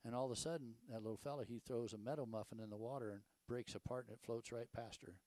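A man's voice: mid-range voice, fairly even intonation, fast talker, a little mellow, dry recording. An older man, preaching a casual, folksy sermon full of rhetorical questions and stories. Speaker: pastor.

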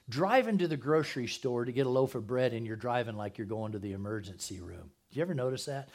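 A man's voice: mid-range voice, expressive, quick pace, darkish tone. A man preaching a conversational sermon as pastor at a church service, asking the congregation questions and dropping jokey asides.

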